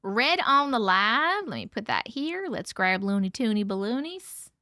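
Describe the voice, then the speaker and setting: Woman host, chatty livestream story reader; bright, lively voice, dry close sound. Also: on the high side, a little slow, dry recording. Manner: chatty, laughs often, swears casually. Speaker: host reading viewer stories. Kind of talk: casual livestream chat and story reading.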